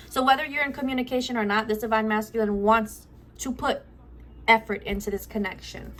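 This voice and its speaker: A woman's voice: fairly high pitch, steady tone, a little fast, fairly bright tone. A woman giving a spiritual love reading at home, channeling aloud in a rambling way, often repeating herself and searching for words. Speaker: tarot card reader.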